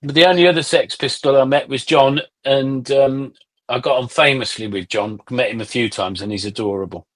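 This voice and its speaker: A man's voice: medium pitch, brisk, fairly bright tone. Middle-aged man telling rambling stories. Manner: rambling anecdotal storytelling with many restarts. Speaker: podcast guest, musician. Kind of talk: casual conversation.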